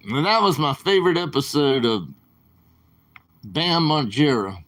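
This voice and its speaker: Slow-talking, rambling man on a live stream. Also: on the high side, very animated, fairly bright tone.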